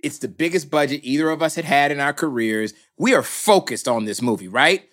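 A film producer with a voice on the high side tells an energetic story at a fairly quick pace, acting out the voices of the people in it and swinging from hushed tones to exclamations.

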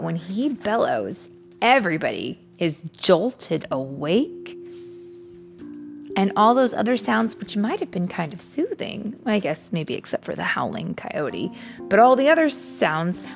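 A woman reading a picture book aloud to children, slowly, making animal sound effects and adding chatty asides to her listeners. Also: medium pitch, sing-song, gravelly, over music. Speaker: storytime reader.

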